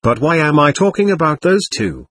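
A gentle, earnest young man speaks with heartfelt warmth to the boys around him, as a male narrator reads him. His voice is husky, and it rises and falls with feeling. The recording is dry and close. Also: fairly high pitch, big pitch swings, moderate pace, no room sound, voice pushed up, exaggerated voice. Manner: warm, heartfelt, pleading.

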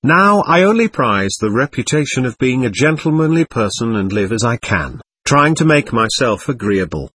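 A man reading an audiobook, voicing a suave, ironic male devil who poses as a shabby gentleman, smooth and mocking. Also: medium pitch, sing-song, moderate pace, hardly any pauses, dry recording. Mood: genteel.

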